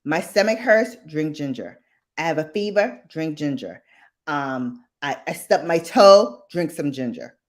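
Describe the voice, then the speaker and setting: A woman's voice: low-pitched, unhurried. A young woman with a Brooklyn accent, chatting as a podcast host and acting out her relatives as she tells stories. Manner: animated storyteller, acts out relatives in voices. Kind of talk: casual chat.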